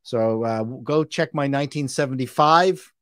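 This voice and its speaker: A man appearing as a guest YouTuber on a live stream, talking in a halting way with many fillers and trailing off softly. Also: mid-range voice, no room sound, studio quality. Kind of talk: casual live-stream chat.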